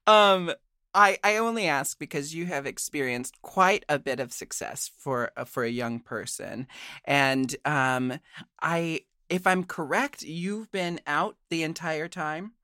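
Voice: medium pitch, slow pace, bright, forceful tone, smooth, no echo, studio quality. An interview host who asks questions hesitantly, with many fillers, and laughs easily. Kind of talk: casual interview chat.

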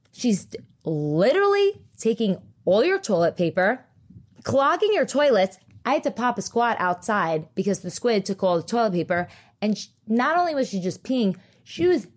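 A young woman hosting a casual solo podcast, telling stories in a chatty, animated way and swearing freely. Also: on the high side. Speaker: podcast host.

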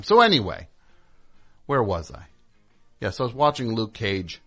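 A man's voice: lowish voice, unhurried, husky, soft background music. Rambling sarcastic male radio host. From New Jersey. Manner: rambling, sarcastic, deadpan storytelling. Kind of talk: comic call-in show monologue.

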